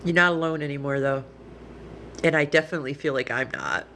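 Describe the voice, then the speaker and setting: Tearful and emotional, a woman rambles earnestly on a phone livestream, restarting often and nearly crying. She speaks briskly in a low voice with a pushed, bright tone, and there is slight background noise.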